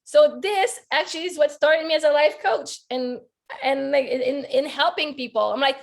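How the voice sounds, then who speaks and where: High-voiced heartfelt woman life coach. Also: moderate pace, creaky. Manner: earnest, heartfelt, many "like" fillers. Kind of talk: emotional personal storytelling.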